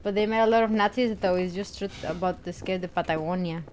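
A woman's voice: lowish voice, steady tone, fast talker, few pauses. A young woman from Mexico streaming a game, chatting to chat and reacting aloud, swearing when frustrated. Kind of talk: casual gameplay chat. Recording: game gunfire and noise behind the voice. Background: game sounds and gunfire.

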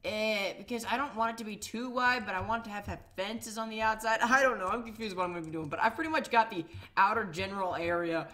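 Excitable young man with bright voice. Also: high voice, fast, hardly any pauses. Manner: rambling, excitable, full of fillers. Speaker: gaming YouTuber. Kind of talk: casual Minecraft let's play commentary.

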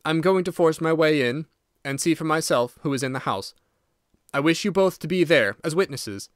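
A man's voice: on the high side, lively intonation, moderate pace, no room sound, studio quality, close to an everyday voice. A man reading the part of an agitated, determined husband in an audiobook, urgent and stern. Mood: tense, determined.

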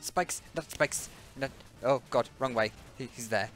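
A man doing gaming commentary, given to excited yelps and panicked exclamations. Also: mid-range voice, unhurried. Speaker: let's play host.

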